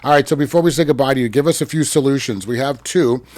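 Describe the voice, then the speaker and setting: A man hosts a podcast in an easygoing, affirming way, asking his guest questions. His voice sits at a middle pitch, and the recording is dry and close. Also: quick pace, a little mellow, no echo. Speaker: podcast host. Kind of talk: casual interview.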